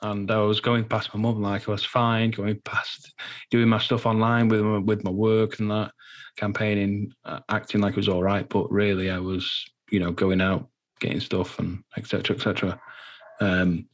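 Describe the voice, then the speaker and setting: A man giving a personal interview testimony in a halting, earnest way, full of fillers and restarts, sounding nervous. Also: on the low side, flat delivery. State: nervous, anxious while speaking. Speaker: guest.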